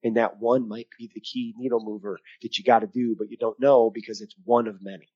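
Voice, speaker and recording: A man's voice: mid-range voice, a little fast. Male co-host, mental coach, emphatic and upbeat, lo-fi call recording. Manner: energetic, emphatic, coaching tone with quoted asides. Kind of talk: casual podcast chat.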